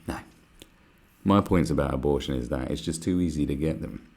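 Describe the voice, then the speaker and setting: A man hosting a podcast, delivering a profane, animated ranting monologue and mocking other people's voices. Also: very deep voice, fairly quick. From United Kingdom. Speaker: podcast host.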